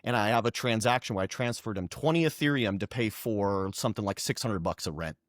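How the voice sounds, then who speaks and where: A young adult man as a podcast guest, telling stories in a lively, slangy way, peppered with "man" and "dude.". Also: lowish voice, a little fast, no room sound, clean studio sound. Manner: animated, slangy, says "man" and "dude" often. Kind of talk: casual conversational interview.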